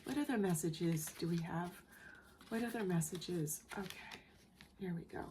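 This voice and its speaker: A woman giving a collective tarot reading in a soft, emotional way, often repeating phrases and checking in with the listener. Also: on the low side, normal speed, slight background noise. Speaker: tarot reader. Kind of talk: gentle spoken tarot reading.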